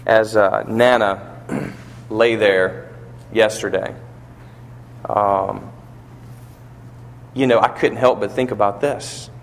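A man preaching a sermon, building to emphatic peaks and asking rhetorical questions, in a church or funeral hall. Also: medium pitch. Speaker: pastor. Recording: long reverb of a large hall.

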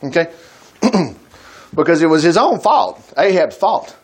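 Animated, high-voiced male preacher. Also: a little slow, slightly rough. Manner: folksy, chuckling, animated storytelling. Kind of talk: sermon, retelling a Bible story.

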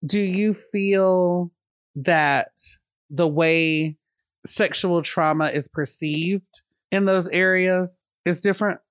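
A podcast host from Bolivia, a woman, asks measured, thoughtful questions at an even pace. Her voice is close and dry, with no room around it. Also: lowish voice, no room sound. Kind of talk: interview questions.

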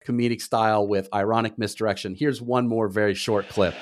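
A man's voice: lowish voice, steady tone, a little fast, dry recording. Dry-sounding podcast host man. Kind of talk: casual debate chat.

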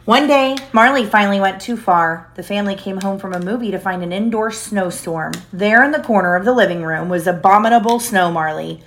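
A woman reading a picture book aloud to her young child, expressive and playful, stopping to ask questions. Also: mid-range voice, a little fast, hardly any pauses, background noise.

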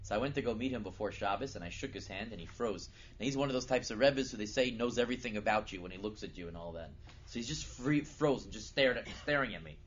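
Animated storytelling man on a dull recording. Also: lowish voice. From United States. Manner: animated storyteller, rising to loud emphatic peaks. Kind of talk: storytelling sermon. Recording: dull lo-fi recording with faint noise.

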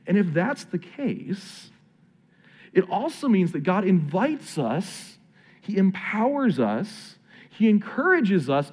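A man, a pastor, preaching a sermon in a conversational, earnest way, slowing down for emphatic phrases. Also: on the high side, darkish tone.

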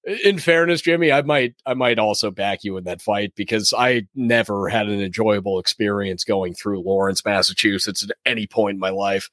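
A man's voice: lowish voice, normal speed, hardly any pauses, fairly bright tone, no echo, clean studio sound. Easygoing young man bantering. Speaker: podcast co-host. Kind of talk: casual chat.

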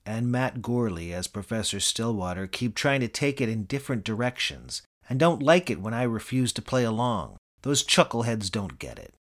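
A man narrating a comic memoir in a dry, deadpan scripted delivery. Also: fairly low pitch. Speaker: audiobook narrator.

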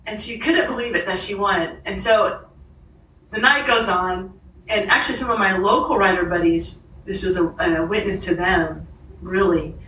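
An author appearing as a podcast guest tells a lively personal story in conversation, her bright, forceful mid-range voice moving at a moderate pace as she laughs often and mimics the people she quotes. She's seated a little back from the mic in an echoey room, with faint ambience and a bit of hiss or hum behind her.

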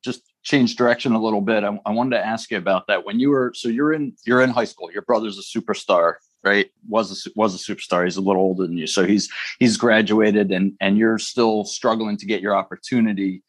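Cohost guy w a lowish voice, dry mic, asks long winding questions. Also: fairly even intonation, a little fast, hardly any pauses, no echo. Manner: rambling, restarts questions. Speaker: podcast co-host. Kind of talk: interview questions.

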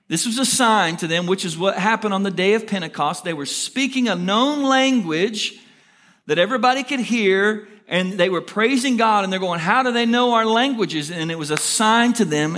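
A man preaching a sermon as a pastor, telling stories in an energetic, hurried way and pushing his voice up for emphasis. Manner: energetic, rushing storyteller with rising emphatic pitch.

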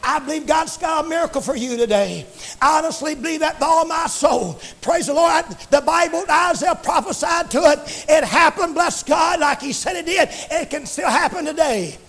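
A man's voice: very high voice, moderate pace, a bit bright, faint music behind. A male preacher delivering a fervent sermon in a church, breaking into frequent praise interjections.

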